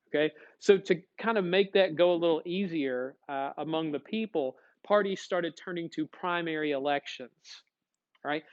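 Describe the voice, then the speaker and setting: A man teaching a classroom lecture, lively, acting out short dialogues as he explains. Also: fairly high pitch, dull audio. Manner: animated, acts out little dialogues.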